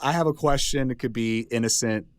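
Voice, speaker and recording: A man co-hosts a podcast in easygoing, chatty banter, his voice sitting at an ordinary male pitch. He talks loosely and laughs easily. The sound is close and dry, with no room around it. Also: fairly quick, no room sound. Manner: laid-back, talkative, often laughing. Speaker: podcast co-host. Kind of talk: casual chat.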